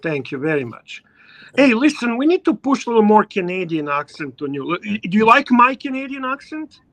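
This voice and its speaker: A man's voice: high voice, very animated, fairly quick, fairly bright tone. Male live-stream host, boastful and teasing, chatty home-studio sound. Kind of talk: casual live stream chat.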